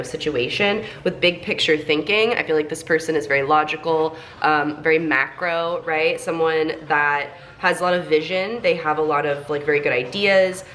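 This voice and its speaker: A woman's voice: deep voice, fairly bright tone, a little hiss or hum. A young woman with a congested voice, reading tarot cards in a chatty, encouraging way full of fillers. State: congested from a cold. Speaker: tarot reader.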